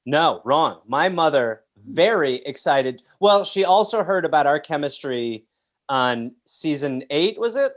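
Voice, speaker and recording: A man's voice: a little high, lively intonation, measured pace. Teasing comedic podcast host man. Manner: teasing, playful. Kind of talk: casual comedic chat.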